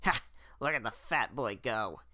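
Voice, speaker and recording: A man voicing a fierce old grandmother in a game, gruff and blunt. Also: mid-range voice, animated, measured pace, pushed and bright, dry recording.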